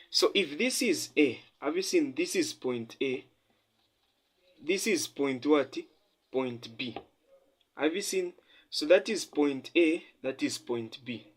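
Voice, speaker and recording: A male tutor explaining a geography calculation, repeating key points for emphasis and quizzing listeners as he sketches. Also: a little high. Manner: repetitive, quizzing listeners with "the what?" and "have you seen?". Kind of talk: math lesson at a whiteboard.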